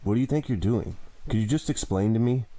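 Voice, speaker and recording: A man's voice: lowish voice, a little fast, dark tone, voice pushed up, close to an everyday voice. A man reading an audiobook, voicing a frightened teenage boy who is tied up and pleading, with a strained, protesting delivery. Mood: panicked.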